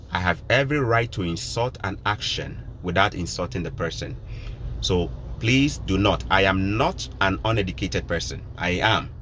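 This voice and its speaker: A man's voice: sits low, fairly bright tone, a little hiss or hum. A man from Ghana with a Ghanaian accent, talking to his viewers in a casual live stream, emphatic and preachy, repeating his points. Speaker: vlogger.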